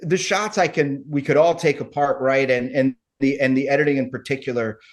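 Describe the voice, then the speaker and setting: A man's voice: mid-range voice, fairly even intonation, a little fast. A middle-aged man, an actor guest, chatting casually and rambling with many restarts. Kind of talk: casual interview chat.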